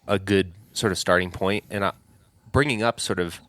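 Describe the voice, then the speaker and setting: A man's voice: low-pitched, normal speed, a bit bright, dry recording. A man co-hosting a casual discussion podcast, posing long, hesitant questions. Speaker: podcast co-host.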